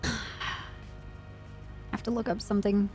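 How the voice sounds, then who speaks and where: A woman's voice: mid-range voice, little pitch movement, a little slow, dark tone, soft background music. A woman playing a cop in a role-play game, chatting casually and laughing easily.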